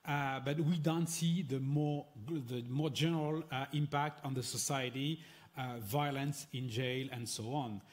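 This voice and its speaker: A man speaks English with a French accent, not in his first language. He answers as a panel guest, pausing and hedging often as he works through his ideas. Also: medium pitch, steady tone. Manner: measured, hesitant, many fillers. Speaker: panel guest, Dominican friar. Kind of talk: panel discussion.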